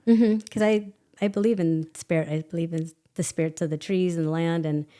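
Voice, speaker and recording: Female guest, lower voice, lively storyteller who laughs and acts out voices. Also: a little fast. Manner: animated, laughs often, acts out quoted voices. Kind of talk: conversational storytelling.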